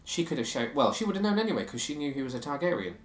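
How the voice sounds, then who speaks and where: A man's voice: fairly high pitch, big pitch swings, rapid-fire. Opinionated man chatting, roomy sound. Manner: opinionated, reads quotes aloud. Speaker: podcast co-host. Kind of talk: casual chat.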